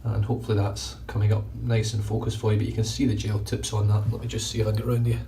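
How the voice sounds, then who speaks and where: Fairly low, gravelly and mellow, this middle-aged Scottish man's voice is completely flat and quick-paced, with a Glaswegian accent. He's a shaving vlogger casually chatting and swearing freely while reviewing shaving gear in his bathroom, filmed on a phone camera from a distance with a little hiss or hum.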